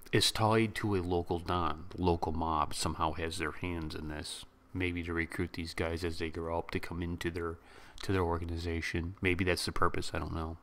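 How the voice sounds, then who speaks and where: A man recapping and reviewing a movie in a rambling, excitable way, acting out lines from the scenes. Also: low-pitched. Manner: excitable, rambling retelling with laughs and quoted lines.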